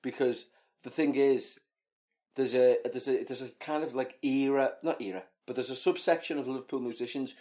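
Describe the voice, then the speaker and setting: A man's voice: mid-range voice, fairly even intonation, moderate pace, a little mellow. A man co-hosting a podcast, chatting casually and joking through ranting tangents. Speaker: podcast co-host. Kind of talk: casual chat.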